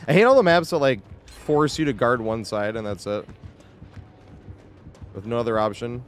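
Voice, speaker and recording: A man's voice: medium pitch, measured pace, faint music behind. A man streaming live gameplay, talking casually and swearing, humming and muttering to himself as he plays at home. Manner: casual, swearing, hums and mutters while playing.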